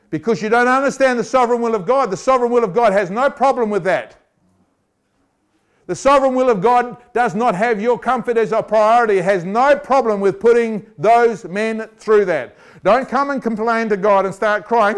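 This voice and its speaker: A man preaching a lively sermon, joking and acting out voices and scenes for the congregation. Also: high-pitched, moderate pace. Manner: animated, jokey, acts out voices.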